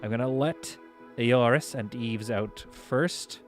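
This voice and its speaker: A man commentating live over a space strategy game, giving orders to his crew and reacting out loud as things go wrong. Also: mid-range voice, slow pace, soft background music. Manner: excitable, talks to himself and his crew while playing. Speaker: gaming streamer.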